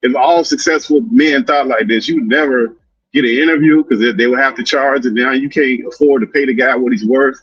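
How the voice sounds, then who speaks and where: A man's voice: mid-range voice, steady tone, a little fast, a bit bright, husky, no echo. A man co-hosting a casual talk show, talking emphatically and complaining, tacking "man" onto his sentences, heard over dull lo-fi remote audio. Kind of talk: casual podcast chat.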